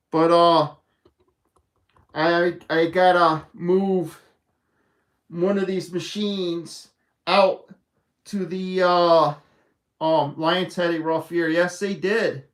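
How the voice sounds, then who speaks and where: A man chatting casually on a live stream, rambling with lots of fillers and restarts, from his home arcade room. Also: on the high side. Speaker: vlogger.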